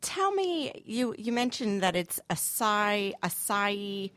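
A woman's voice: mid-range voice, sing-song, slow pace, fairly bright tone, dry recording. Upbeat woman radio host, dry mic. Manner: friendly, upbeat interviewer. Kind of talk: radio interview chat.

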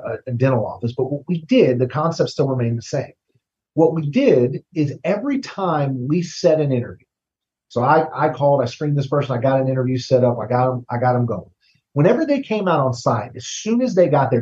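A man speaks as a recruiting guest in a relaxed interview, his voice sitting at an ordinary pitch. He talks conversationally, doubling back on words and checking in with the listener. The recording sounds somewhat dull and lo-fi. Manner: conversational, repeats words, tags "right?". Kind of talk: casual interview storytelling.

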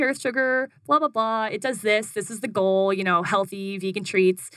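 A young woman with a bright, clear voice, recorded close in a dry space. She talks in a casual, chatty way, full of "like," and tells her story with lots of energy. When she quotes herself, her voice jumps higher. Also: a little fast, few pauses, dry recording. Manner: animated, acts out her own quotes in a higher voice, frequent "like". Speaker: guest, food business founder.

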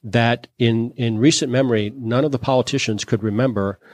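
A man from Louisiana recounts his story as an interview guest. He talks loosely and anecdotally, sprinkling in fillers. His voice sits at a middling pitch and sounds close and dry, with no room around it. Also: fairly even intonation, fairly quick, a little mellow, no room sound. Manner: chatty anecdotal telling with frequent "you know" and "um". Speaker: guest, solar entrepreneur.

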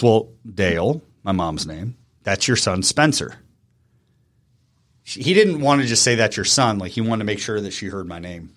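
A man from Virginia with a fairly low voice tells a deeply personal story as an interview guest. He speaks earnestly and haltingly, restarting his sentences as he goes. He sounds like he is in his thirties. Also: fairly bright tone.

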